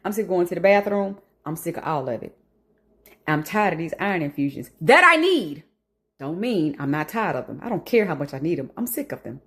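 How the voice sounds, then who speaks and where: A woman vlogger at home talking casually to the camera, animated and emphatic, slipping into rants and laughter. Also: low-pitched, fairly quick.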